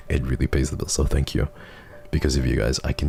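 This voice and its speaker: Very deep, gravelly man streaming. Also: level tone, fairly quick, faint music behind. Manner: soft-spoken, earnest, often lapses into whispers; laughs often, gets teary while reading. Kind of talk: casual chat reading donations.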